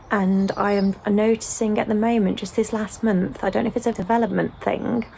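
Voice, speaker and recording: Gravelly-voiced British mum chatting casually. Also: female voice, medium pitch, a little hiss or hum. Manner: chatty, frequent ums, gentle. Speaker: home-educating mum. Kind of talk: sit-down casual chat.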